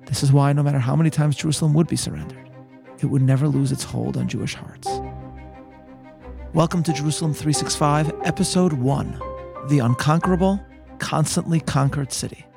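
A man hosting a podcast, telling history in measured, scripted narration that slows for emphasis. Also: a little high, gravelly, music in the background. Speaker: podcast host.

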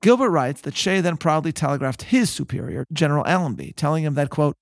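A man narrating a scripted history podcast in a measured storytelling manner. His voice is somewhat high for a man and has a gravelly, husky grain. The recording is close and dry. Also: lively intonation, no room sound. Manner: measured, storytelling, reads quotes aloud. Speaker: podcast host.

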